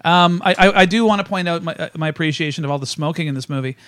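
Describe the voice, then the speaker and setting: A man's voice: fairly high pitch, fast talker, fairly bright tone, smooth. A man on a film podcast talking casually and animatedly, swearing freely and restarting sentences, recorded in a video store.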